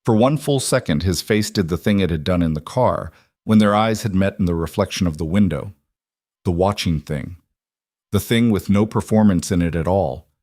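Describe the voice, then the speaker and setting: Low-voiced male audiobook narrator. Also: moderate pace, darkish tone, no echo, clean studio sound. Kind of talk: scripted romance audiobook narration.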